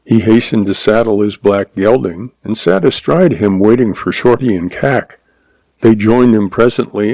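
A man narrating a western novel as an audiobook, in a steady, measured reading. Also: fairly low pitch, vocal fry, dry recording.

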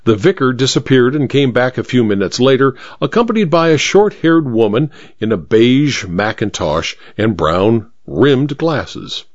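A man hosting a radio mystery hour, reading the story aloud in an expressive, measured way. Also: medium pitch, no room sound, muffled recording. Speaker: host and story reader.

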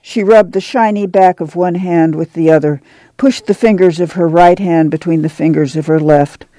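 A man reads an audiobook softly. His voice is fairly high for a man and mellow. The sound is dry and close. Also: fairly even intonation, moderate pace, no room sound. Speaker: narrator. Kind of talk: audiobook reading.

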